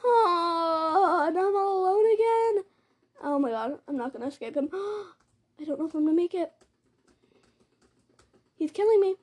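A woman giving live commentary on her own game play, excitable and gasping as she reacts. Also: very high-pitched, normal speed, pauses often. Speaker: gamer narrating her play.

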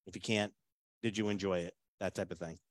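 A man with a fairly low voice leads a relaxed whiskey tasting, talking in a loose, joking way. He often drifts into quieter asides. The sound is close and dry, with no room echo. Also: brisk. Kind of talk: casual tasting chat.

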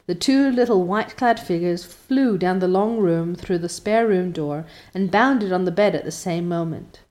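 A woman narrating a classic storybook in a measured, expressive way. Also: fairly low pitch. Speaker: audiobook narrator.

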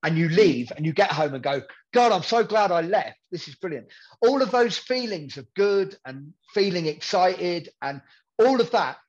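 A man's voice: high-pitched, animated, normal speed, muffled recording. A man talking candidly as a podcast guest, rambling and repeating himself as he acts out what people say. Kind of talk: candid conversational storytelling.

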